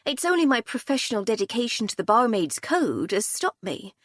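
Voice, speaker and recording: Woman reading cheeky young barmaid, chatty, storybook, lively pitch. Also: fairly quick, no room sound, clean studio sound. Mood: playful. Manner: chatty, playful, dialect grammar.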